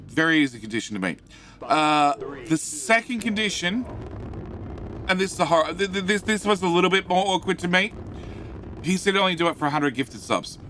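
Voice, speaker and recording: During a live game stream, a man talks in a high, bright, forceful voice, shouting greetings and joking with viewers. He stammers and repeats himself, with faint music in the background.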